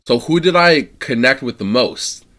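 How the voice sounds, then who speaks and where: Man, podcast co-host, casual chat, animated, laughs a lot, repeats words. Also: mid-range voice, moderate pace.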